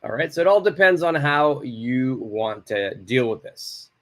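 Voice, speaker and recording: Guy teaching english live from home, upbeat and encouraging, mid pitch voice. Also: expressive, unhurried. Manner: encouraging, reads out viewers' answers and models phrases. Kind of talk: live online English lesson.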